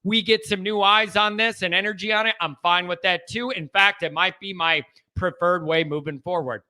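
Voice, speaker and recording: A man hosting a call-in sports talk show, animated, joking and opinionated with callers. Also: sits high, moderate pace. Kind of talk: casual call-in chat.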